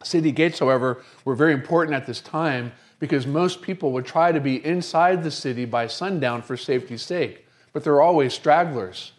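Middle-aged guy preaching, slows way down on the big points, lots of rhetorical questions. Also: a little high. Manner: rhetorical questions, emphatic slowed phrases. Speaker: pastor. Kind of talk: sermon.

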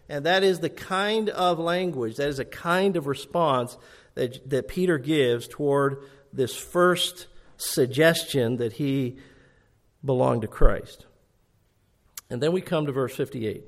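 A man's voice: a little high, animated, measured pace. Earnest man preaching a sermon. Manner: earnest, emphatic, rising and falling delivery. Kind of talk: expository sermon.

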